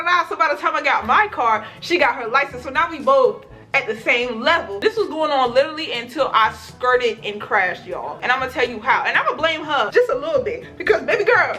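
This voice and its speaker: A young woman vlogger telling a story in a casual, animated way, with lots of slang and swearing. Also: high voice, a little fast, faint music behind.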